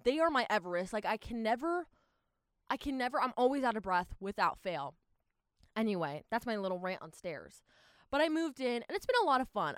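Chatty young woman vlogger, lively and rambling. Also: fairly high pitch, clear, resonant tone, no room sound, clean studio sound. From Southern California. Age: young adult. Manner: rambling, animated, lots of fillers and restarts. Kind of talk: casual chatty vlog.

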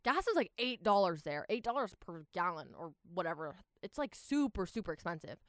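A young woman in her twenties telling a travel story in a casual, animated way, full of "like" and exasperated asides. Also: lowish voice, fairly quick, no room sound, clean studio sound.

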